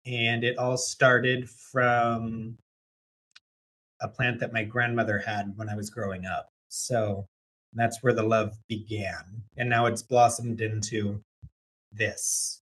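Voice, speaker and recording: A man co-hosting a podcast in casual chat, relaxed and joking, laughing often. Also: lowish voice, slow. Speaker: podcast co-host, plant collector.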